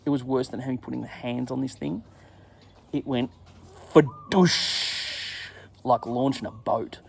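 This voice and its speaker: A middle-aged man hosting his own show, telling a crude, self-mocking travel story in a casual monologue and acting out his own shouts. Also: mid-range voice, little pitch movement, normal speed, vocal fry, a little hiss or hum. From England. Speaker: podcast host.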